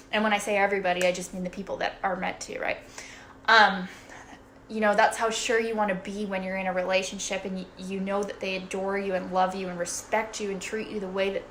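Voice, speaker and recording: A woman life coach talks straight to her livestream viewers in a loose, chatty way, dropping swear words and checking in with "right?" after almost every point. Her voice sits at an ordinary middle pitch, with faint noise behind her. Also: fairly bright tone. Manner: chatty, swears freely, keeps asking "right?". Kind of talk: casual motivational livestream talk.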